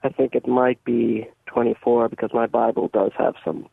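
Canadian guy calling in on a tinny phone line, gravelly flat voice. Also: mid-range voice, normal speed, dry recording. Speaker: caller. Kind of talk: call-in question.

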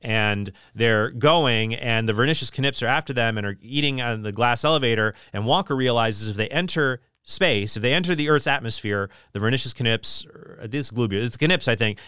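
A man's voice: mid-range voice, sharp tone, clear, resonant tone, no echo, studio quality. A middle-aged man talking casually and opinionatedly about books, rambling with frequent restarts.

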